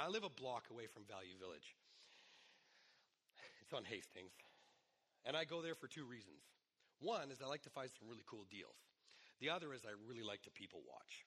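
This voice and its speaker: A middle-aged male pastor preaching a sermon, hoarse today, in a conversational way with asides. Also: on the low side, bright, forceful tone.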